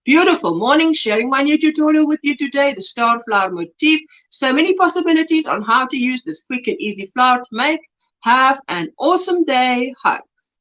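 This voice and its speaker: A woman hosting a crochet livestream, chatting casually, warmly reading out viewer comments and exclaiming over their work. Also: high voice, expressive, moderate pace. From South Africa. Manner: effusive, reads chat aloud with exclamations and laughs. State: recovering from throat swelling. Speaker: livestream host. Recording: dull lo-fi livestream audio.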